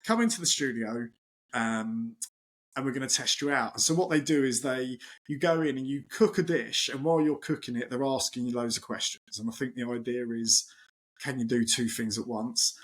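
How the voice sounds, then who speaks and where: A man in his forties, a chef, chatting as a podcast guest and telling lively anecdotes, acting out the voices of people in his stories. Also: mid-range voice, moderate pace. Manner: animated anecdotal storytelling, acts out quoted voices. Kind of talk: casual interview chat.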